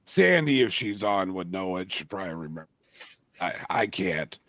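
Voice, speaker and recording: A man with a gravelly, fry-heavy voice co-hosts a podcast. He asks the guest questions in a halting, casual way, often stopping to search for words. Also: low-pitched, sing-song, fairly bright tone. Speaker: podcast co-host. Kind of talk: casual chat.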